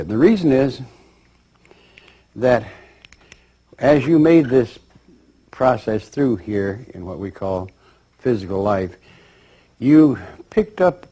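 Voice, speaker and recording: Husky-voiced man giving a rambling lecture. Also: on the low side, dark tone. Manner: measured, rambling storytelling. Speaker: speaker. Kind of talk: spiritual lecture.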